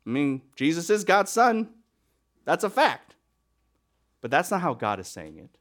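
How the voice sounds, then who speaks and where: A man preaching a sermon, swinging between loud emphatic bursts and hushed, near-whispered lines. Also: fairly high pitch, sing-song, unhurried.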